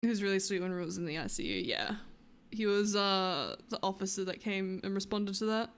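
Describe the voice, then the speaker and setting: A woman's voice: mid-range voice, expressive, brisk. A woman streamer chatting casually on a live stream, giggly and chatty and swearing often.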